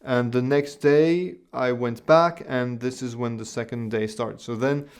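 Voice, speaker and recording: Smooth-voiced man telling a personal story. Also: medium pitch, steady tone, a little slow. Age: 30s. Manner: casual, rambling storytelling with fillers and repetitions. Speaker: video creator. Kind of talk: personal experience vlog.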